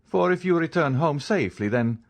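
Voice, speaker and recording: Stern count, voiced by a male audiobook reader: cold, contemptuous, measured, pitched somewhat above a low speaking voice. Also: expressive, vocal fry. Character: stern, commanding male count disguised as priest. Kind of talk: audiobook character reading.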